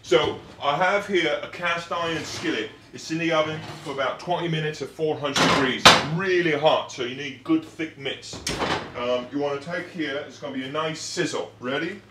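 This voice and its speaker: A man's voice: a little high, moderate pace. A man hosting a home cooking demonstration in a hammy, put-on comic accent, giving chatty step-by-step instructions in his kitchen. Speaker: cooking show host. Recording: echoey kitchen with background noise. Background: sizzling and clattering pans.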